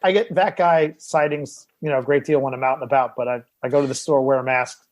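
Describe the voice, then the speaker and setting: A man's voice: mid-range voice, fast talker, no room sound. A man, an actor, chatting on a podcast and telling stories, acting out the voices of people he met. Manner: animated storyteller acting out other people's lines. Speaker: actor guest. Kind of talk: casual podcast chat.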